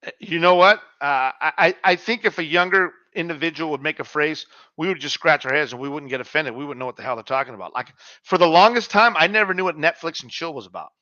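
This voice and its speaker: A man's voice: fairly high pitch, fast talker, pushed and bright, no room sound, highs cut off. A middle-aged man co-hosting a podcast, chatting casually, swearing freely and calling his friend "man" and "dog". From Mexican heritage. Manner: laid-back storyteller, swears freely, says "man" and "dog". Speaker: podcast co-host.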